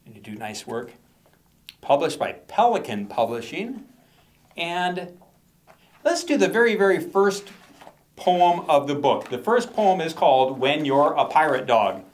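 Guy reading his kids' poems, slightly high voice, takes it slow, coaxes the kids to join in. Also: sing-song. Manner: playful, coaxing call-and-response. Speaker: children's author and performer. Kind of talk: storytime performance for kids.

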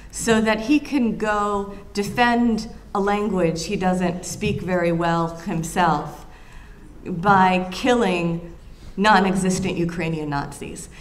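A woman historian giving a public lecture, telling anecdotes in an animated way with frequent ums and restarts. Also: medium pitch, slight background noise.

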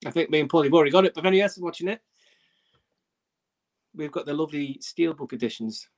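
A man's voice: a little high, fast talker, darkish tone. A middle-aged man hosting a casual live-stream chat, telling stories in a chatty, self-mocking way. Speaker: host.

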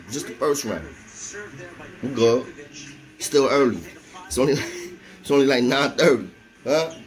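A man with a New York accent telling a story from his time inside, casual and animated, laughing often, in heavy street slang. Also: medium pitch. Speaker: storyteller recalling prison life.

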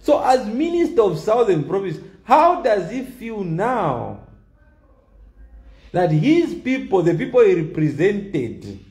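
A man's voice: high-pitched, big pitch swings, takes it slowly, darkish tone, roomy sound. A man giving an opinion monologue, emphatic and repeating key lines for stress. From Zambia. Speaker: political commentator.

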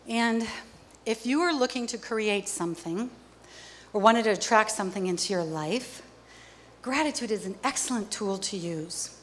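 A woman's voice: medium pitch, normal speed, slight background noise. A woman speaking on a theater stage, giving a motivational talk and acting out little scenes as she goes. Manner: lively, acts out little scenes.

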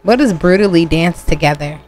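A woman's voice: fairly low pitch, moderate pace, a little mellow. A young woman giving casual gameplay commentary, emotional and exclamatory. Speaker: gameplay host.

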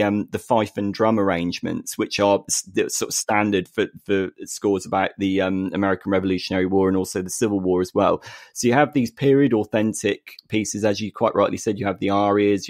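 A man co-hosting a podcast, chatting about film music in an animated way and often restarting his sentences. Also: lowish voice, no echo. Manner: animated, frequent restarts and repeated words. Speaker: podcast co-host. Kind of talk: casual film music discussion.

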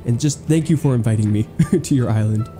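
A man giving excitable, gushing gameplay commentary as he tours a game island, cracking playful puns. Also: medium pitch, brisk, faint music behind. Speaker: gaming YouTuber touring an island.

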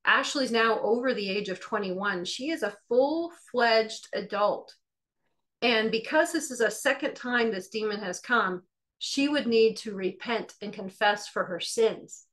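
A middle-aged Christian teacher shares a personal testimony in a slightly high voice at a measured pace. She's a lively, conversational storyteller who acts out the dialogue, using fillers and restarts along the way.

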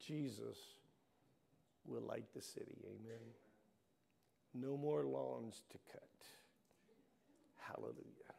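Gravelly preacher man, slow and forceful. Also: medium pitch. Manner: rhythmic alliterative list, rising to loud bursts; joking asides. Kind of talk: sermon.

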